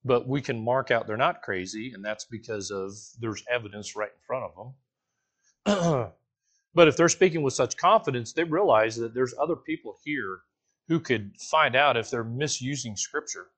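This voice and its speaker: A man preaches in a relaxed, conversational way, putting questions to the congregation and dropping in jokes. His voice sits at a middling pitch and swings up and down as he talks. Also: normal speed. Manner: casual, animated, asks the listeners questions, jokes, restarts often. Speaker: pastor teaching a Bible study. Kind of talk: conversational sermon.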